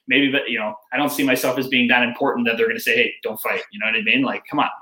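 A young man, a professional hockey player, telling fight stories in a casual interview with blunt, animated talk. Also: mid-range voice, rapid-fire, reverberant, rough recording. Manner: blunt, animated storytelling with swearing.

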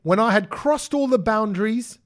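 A man hosting a casual podcast chat, telling stories in an animated way with quick restarts. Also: sits high. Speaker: podcast host.

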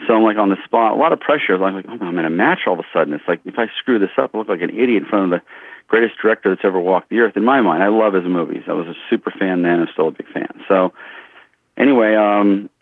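Animated storyteller on a tinny line. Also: male voice, fairly low pitch, quick pace, no room sound. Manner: animated, rambling storyteller who acts out quotes. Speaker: shooting instructor and guest. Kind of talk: casual storytelling in an interview.

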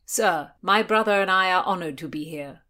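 A woman's voice: lowish voice, normal speed, pushed and bright. A woman voicing an eager, hot-blooded young Elizabethan squire in a storybook reading, with emphatic delivery.

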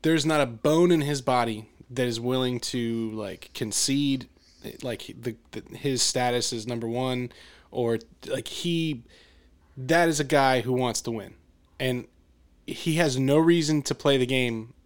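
A man's voice: medium pitch, measured pace. A man hosting a podcast, talking sports in casual rambling chat with many restarts. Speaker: podcast host.

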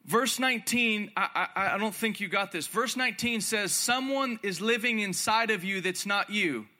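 Male preacher, young, intense and emphatic; high, piercing bright tone. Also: normal speed. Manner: intense, emphatic, repeats phrases. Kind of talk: sermon. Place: large room with audience.

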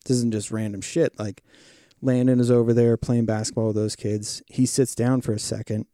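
A man's voice: mid-range voice, little pitch movement, moderate pace, mellow, no room sound, clean studio sound. A man in casual chat, telling a story at length and acting out the voices of the people in it. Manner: storytelling, acts out quoted voices.

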